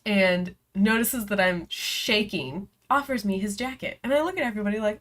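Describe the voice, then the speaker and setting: A young woman hosts a reading vlog, chatting casually into the camera as a story spills out of her. She rambles along with plenty of fillers and keeps breaking into giggles. Her voice sits at an ordinary middle pitch. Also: moderate pace, hardly any pauses, fairly bright tone. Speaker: book vlogger hosting reading sprints.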